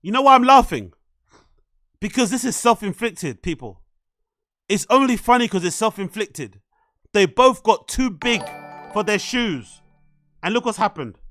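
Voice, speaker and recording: A man hosting a live reaction stream, excitable and swearing often as he laughs along. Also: sits high, a little slow, long pauses, no echo, soft background music. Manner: excitable, swears heavily, laughs at own remarks. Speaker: streamer host.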